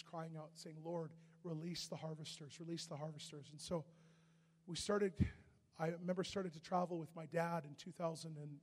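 A man preaching a sermon, telling a story animatedly and often shouting, with a husky voice. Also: a little high, big-room sound.

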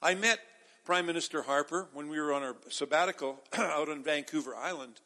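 A man's voice: fairly high pitch, fairly quick, sharp tone, in a large hall. A man from Israel preaching a sermon to a live audience, emphatic and calling out to the crowd for responses.

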